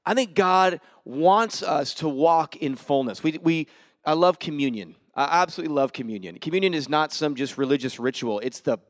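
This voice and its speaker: Man, guest preacher, higher voice, dry close sound, casual joking sermon. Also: animated, normal speed, no room sound. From Denver area, US. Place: church sanctuary.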